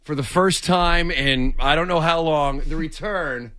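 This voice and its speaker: Eager male co-host, slightly high voice. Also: measured pace, no echo. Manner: excited, stumbling over words. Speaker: radio co-host. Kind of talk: morning sports radio talk. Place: radio studio.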